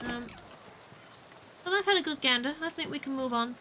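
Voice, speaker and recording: A woman's voice: sits high, big pitch swings, fast talker, pauses often, pushed and bright, a little hiss or hum, poor audio. A woman chatting playfully through a video game on a livestream, muttering to herself and playing with words. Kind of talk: gaming livestream commentary.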